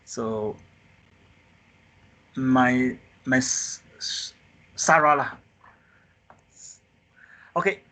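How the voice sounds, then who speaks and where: Animated man teaching Mandarin tones. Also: medium pitch. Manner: animated, drawn-out sighs acting out the four tones; non-native English, simple teaching phrases. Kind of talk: live online group lesson. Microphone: computer mic on a video call.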